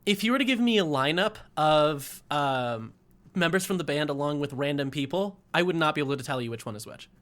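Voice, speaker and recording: A man's voice: a little high, animated, brisk, a bit bright. A young man co-hosting a casual podcast chat, rambling and laughing often as he restarts his sentences. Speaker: podcast co-host.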